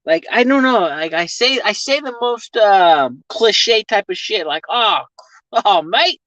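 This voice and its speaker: Here the same kind of casual live chat comes from a man in his vehicle whose voice sits high, with lively intonation, an unhurried pace, and a fairly bright tone. He drifts between thoughts, curses without restraint, and laughs a lot as he talks to viewers. The audio is dull, lo-fi, close and dry, with no room sound.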